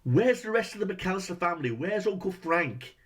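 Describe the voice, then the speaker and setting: Brief: male reviewer, higher voice, profane exasperated rant full of rhetorical questions. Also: animated, brisk, fairly bright tone, breathy edge. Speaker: movie reviewer. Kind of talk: profane ranting movie review.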